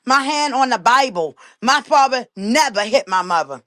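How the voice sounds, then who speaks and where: A woman's voice: fairly high pitch, expressive, normal speed, few pauses, a bit bright. A woman talking on a casual livestream. She is emphatic and indignant, repeats her points and keeps calling out to "y'all".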